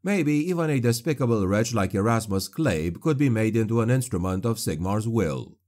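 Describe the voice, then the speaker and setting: A man reading a dark fantasy audiobook in a grave, measured narration. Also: fairly low pitch, animated.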